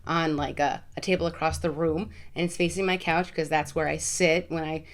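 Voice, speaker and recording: A woman's voice: low voice, steady tone, normal speed. A woman vlogger answering viewer questions in a casual, frank way, often repeating words for emphasis. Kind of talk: casual Q&A to camera.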